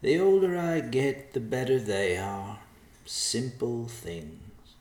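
A man voicing a frail, fatherly old man who speaks calmly and soothingly. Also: mid-range voice, takes it slowly, roomy sound, voice pushed up, close to an everyday voice. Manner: calm, soothing.

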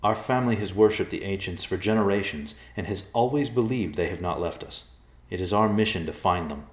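A man's voice: low voice, a little fast, pitched above the performer's own voice, close to an everyday voice. A man voicing a nervous, polite tall man who hesitates as he talks. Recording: roomy echo.

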